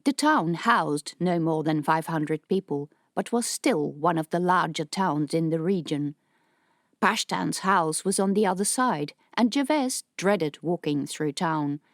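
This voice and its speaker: A woman narrating an audiobook in a steady, measured reading voice. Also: sits low, dry recording, clean studio sound. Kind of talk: scripted narration.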